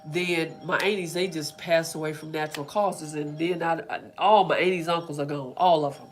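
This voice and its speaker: A woman's voice: low voice, fairly even intonation, moderate pace, faint music behind. Chatty woman. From Oklahoma, USA. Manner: chatty and rambling, acting out quotes. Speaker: self-care vlog host. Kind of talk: casual chat with live viewers.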